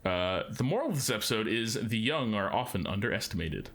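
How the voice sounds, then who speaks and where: A man's voice: on the low side, expressive, fairly quick, a bit bright. Hesitant man hosting a podcast. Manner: hesitant, many fillers and restarts. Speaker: podcast host. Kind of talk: casual podcast chat, reading episode summaries.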